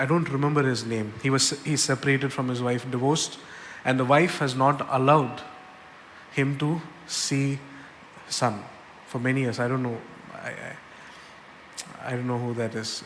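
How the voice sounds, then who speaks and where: A man's voice: mid-range voice, a bit bright. A middle-aged man from India, a pastor, teaching a church small group in an earnest way and repeating key points for emphasis. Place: church hall. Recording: long reverb, faint background noise.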